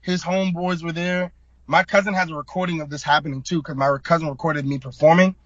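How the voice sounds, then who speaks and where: A man's voice: on the high side, level tone, quick pace, dry recording. Man, twenties, South Florida, slangy, emphatic storyteller, dull lo-fi sound. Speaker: guest, hip hop artist. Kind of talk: casual storytelling.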